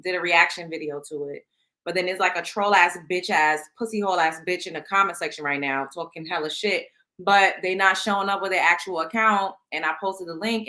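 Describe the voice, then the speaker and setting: A woman with a New York accent chats on her livestream, answering viewer questions in a blunt, profane way. Her voice sits a little low but comes across bright and forceful. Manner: blunt, profane, reads chat aloud. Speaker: livestream host. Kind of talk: casual livestream chat.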